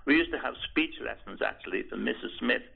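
An older man from Liverpool recalls his past in an interview, his voice deeply gravelly and husky. He talks haltingly, stumbling over restarts and repeated words. The sound is thin and narrow, like a phone line. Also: expressive. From Liverpool, England. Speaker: oral history interviewee. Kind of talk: reminiscing in an interview. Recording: tinny phone-like lo-fi recording.

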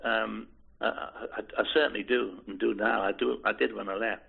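Gravelly older man, tinny phone-like recording. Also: lowish voice, fairly even intonation. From Liverpool, England. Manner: halting, hesitant, many restarts and repeated words. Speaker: oral history interviewee. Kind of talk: reminiscing in an interview.

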